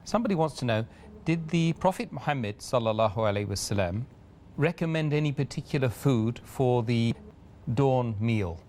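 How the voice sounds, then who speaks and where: A man's voice: mid-range voice, animated, moderate pace, a little mellow, slight background noise. A man hosting an interview, politely thanking his guest and reading out audience questions. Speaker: host.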